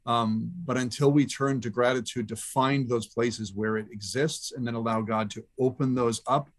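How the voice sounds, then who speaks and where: A middle-aged man, a podcast guest, telling a personal story in an earnest, reflective way with halting restarts. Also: medium pitch, fairly even intonation.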